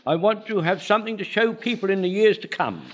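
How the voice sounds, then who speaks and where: A loyal, excitable old butcher in a period sitcom, his voice pitched very high for a man. He fusses and gushes as if he can hardly get his breath. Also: fairly quick, highs cut off, noisy background. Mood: eager. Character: flustered elderly male butcher, eager and loyal. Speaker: shopkeeper and volunteer soldier.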